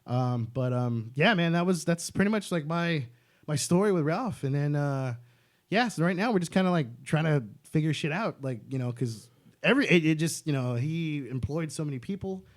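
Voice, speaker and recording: A man's voice: fairly high pitch, lively intonation, normal speed. A man in casual podcast chat, a stand-up comic telling stories with lots of swearing and laughter.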